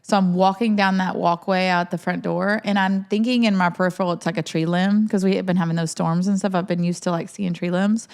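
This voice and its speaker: A woman in her thirties, co-hosting a casual podcast chat, talking fast and laughing often. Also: on the low side, steady tone, vocal fry, a little mellow, clear, resonant tone. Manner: chatty, laughs often, says y'all. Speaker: podcast co-host.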